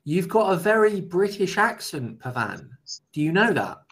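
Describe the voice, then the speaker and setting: A man's voice: sits high, very animated, normal speed, fairly bright tone. A man chatting as a conversation tutor over a video call, easygoing and reassuring. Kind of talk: casual chat.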